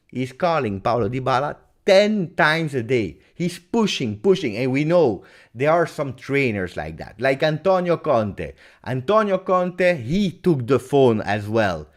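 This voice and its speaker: A man hosts a live football Q&A, joking and interrupting himself as he talks to his viewers. His voice is at a middle pitch but moves around with animation. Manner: chatty, joking, self-interrupting, addresses viewers as friends. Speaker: football channel host. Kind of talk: live Q&A chat.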